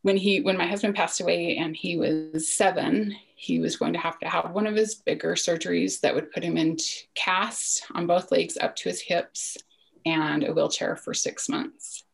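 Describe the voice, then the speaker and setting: Guest, woman, 40s, low gravelly voice, reflective and earnest, slips into near-whispers. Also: steady tone, moderate pace, low-quality recording. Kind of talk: personal storytelling in a podcast interview.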